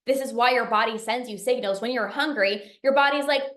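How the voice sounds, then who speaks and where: A woman's voice: on the high side, brisk, fairly bright tone, echoey room. A young adult woman coaching in a masterclass, telling a story emphatically and acting out her own inner voice. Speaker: binge eating coach.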